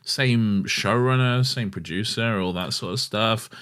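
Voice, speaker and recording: A man's voice: fairly low pitch, a little slow, fairly bright tone, smooth. Blunt, teasing male podcast co-host. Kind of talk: casual chat.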